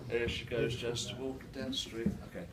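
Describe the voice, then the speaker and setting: An older man speaking to a live audience, halting with many restarts, his words slightly slurred by a new denture. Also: mid-range voice, flat delivery. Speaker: guest speaker. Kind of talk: live storytelling talk. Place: event hall with an audience. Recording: distant mic in a noisy room.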